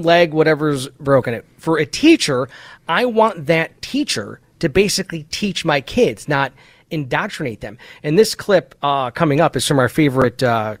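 A man's voice: a little high, fairly bright tone, dry recording. A man hosting a casual political talk show, speaking in an emphatic, opinionated way. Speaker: podcast host.

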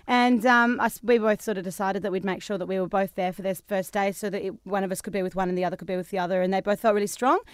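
A woman's voice: mid-range voice, quick pace, few pauses, clear, resonant tone, no echo, clean studio sound. An Australian woman in her thirties, telling a story in casual chat as a podcast co-host. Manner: chatty storytelling, animated.

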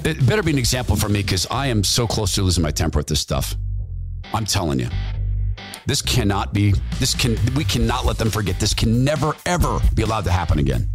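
Guy ranting on his podcast, voice swings up and down a lot, preachy and fired up. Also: fairly low pitch. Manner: fervent, repetitive, preachy. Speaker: podcast host. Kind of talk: impassioned political commentary.

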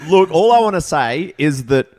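A man's voice: on the high side, normal speed. A man in casual podcast chat, telling a story with lots of laughter. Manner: animated storytelling, laughs often. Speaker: comedian podcast guest.

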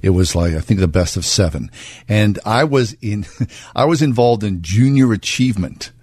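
A man's voice: lowish voice, lively intonation, moderate pace, darkish tone, dry recording. A man in his sixties co-hosting a radio show, telling self-deprecating stories in a jovial, casual way. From Pittsburgh.

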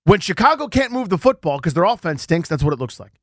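Male sports host, lively pitch, dry studio sound, animated. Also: quick pace, no room sound. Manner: animated, voice jumps up when excited. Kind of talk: sports talk show.

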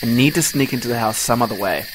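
An actor playing an earnest, lovesick radio host in a comedy radio play. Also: male voice, medium pitch, fast, noisy background, lightly acted. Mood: tense. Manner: earnest, dramatic. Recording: music playing under the voice.

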